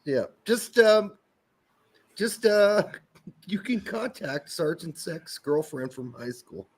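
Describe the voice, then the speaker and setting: A man co-hosting a soccer podcast, talking in loose, joking banter that drifts into asides and cheerful swearing. His voice sits fairly high, and his pitch swings widely as he talks. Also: lively intonation, slow pace, breathy edge.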